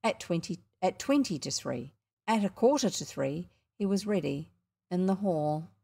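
A woman with a New Zealand accent narrating a children's book in a measured, expressive way. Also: on the low side, creaky, slightly rough. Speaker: audiobook narrator. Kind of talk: storybook narration.

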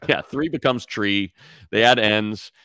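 A man's voice: fairly low pitch, a little slow, pushed and bright, no room sound. A man hosting a sports podcast, telling stories in a casual chat and mimicking the voices of others. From Detroit, raised near Chicago.

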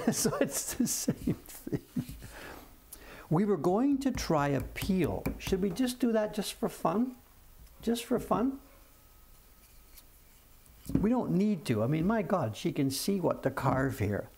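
Older man, from Canada, gravelly, chatty and rambling, casual live stream talk, faint background noise. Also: high voice, very animated, measured pace, pauses often, darkish tone. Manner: chatty storyteller, many restarts and "whatever". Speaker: printmaker streaming from his shop. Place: print shop workbench.

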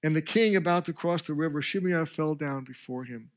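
A man's voice: fairly high pitch, a little fast. A male pastor preaching a sermon, telling a story with emphatic, rising delivery and briefly voicing the characters.

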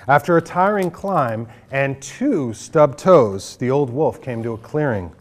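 An author reads his picture book aloud to a group of children in a library, his voice swinging widely up and down in pitch as he leads them in call-and-response. He keeps a slow, unhurried pace as he tells the story. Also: expressive. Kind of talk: live storybook reading to children. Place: public library, audience of children.

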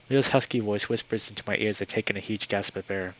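Low-voiced man reading a horror story. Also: fairly even intonation, quick pace, few pauses, a bit bright. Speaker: channel host. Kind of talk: reading a visual novel aloud in first person. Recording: dull lo-fi with faint hiss.

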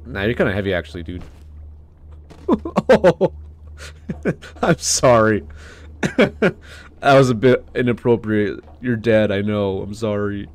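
A man commenting on a video game as he plays, chatty and excitable, laughing often and reading in-game text aloud. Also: fairly low pitch, fairly quick, few pauses. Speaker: let's play host. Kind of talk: gaming commentary.

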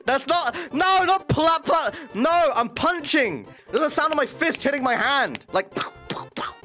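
Taunting, high-voiced streamer. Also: male voice, lively intonation, unhurried, bright, forceful tone, soft background music. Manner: taunting, aggressive. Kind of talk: trash-talking livestream chat.

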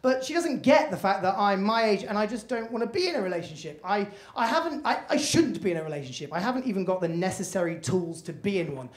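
A man's voice: sits high, animated, fast talker, hardly any pauses. Sweary male stand-up in an echoey room. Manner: conversational, sweary, self-deprecating. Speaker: stand-up comedian. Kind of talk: stand-up comedy set. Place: comedy club stage.

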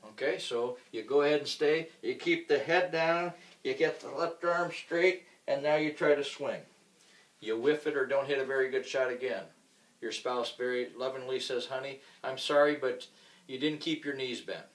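A golf instructor with a medium-pitched voice and moderate pace teaches in a casual, joking way, acting out common mistakes while demonstrating swings. The instructional talk is picked up by a distant mic, so it sounds roomy.

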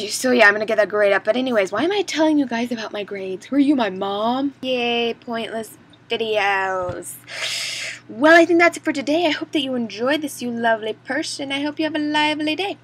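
A woman's voice: a little high, expressive, a little fast, breathy edge. A teenage girl vlogging casually, rambling and self-mocking with lots of fillers and asides. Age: teens.

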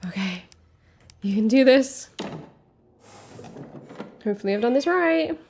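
A woman's voice: on the high side, expressive, unhurried, vocal fry, darkish tone, a little hiss or hum. A young woman streaming her first playthrough of a game, chatting casually, swearing and spiraling into panicked repeated words. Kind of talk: casual gameplay commentary.

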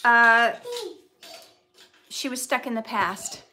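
A young actress hosting a casual livestream, chatting and reading viewer comments aloud. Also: female voice, a little high, steady tone, slow pace, bright, forceful tone, a little hiss or hum. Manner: chatty, reads viewer comments aloud, breaks off to soothe a child.

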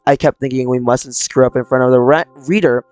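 A man's voice: mid-range voice, steady tone, a little fast, a little mellow, smooth, dry recording, natural voice. A man reading aloud the lines of a troubled young person with mental illness from a visual novel, in a subdued, confessional way. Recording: dry close mic, faint game music.

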